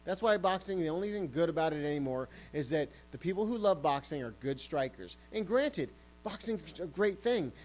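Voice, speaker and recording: A man's voice: high voice, darkish tone, poor audio. A man hosting a sports podcast, ranting heatedly and swearing often. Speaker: podcast host.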